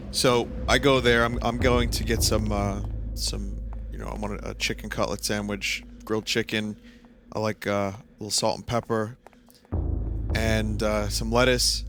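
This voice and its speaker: A man's voice: lowish voice, background noise. A man with a New York accent streaming a video game, telling a rambling, profane story full of restarts as casual gameplay commentary. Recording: loud game music behind the voice.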